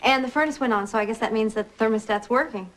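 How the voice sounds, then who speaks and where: An actress playing an earnest, troubled young wife in a soap opera, from an old TV tape. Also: female voice, a little high, fast talker, a little hiss or hum, close to an everyday voice. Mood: warm. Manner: earnest, emotional. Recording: old TV tape with soft music.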